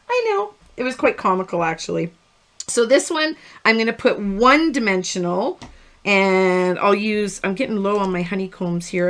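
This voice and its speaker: A middle-aged woman talks her viewers through a card-making project on a live stream. She chats and rambles while she works, breaking off into anecdotes and laughing at her own stories. Her voice sits at an ordinary middle pitch. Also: fairly bright tone. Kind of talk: live-stream crafting tutorial.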